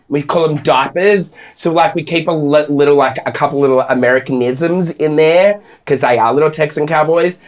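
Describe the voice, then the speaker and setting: A man holds forth on a casual podcast, blunt and sweary. He tells his stories with an animated, playful bite. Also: mid-range voice, moderate pace. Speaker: podcast co-host.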